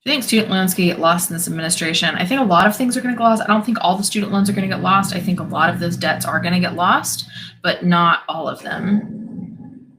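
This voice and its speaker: A woman's voice: fairly low pitch, fast talker, fairly bright tone, a little hiss or hum, rough recording. A woman hosting a live stream, chatting casually as she answers viewers' questions and laughs often. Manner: chatty, laughs often, reacts to chat comments. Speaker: host of a spiritual live stream.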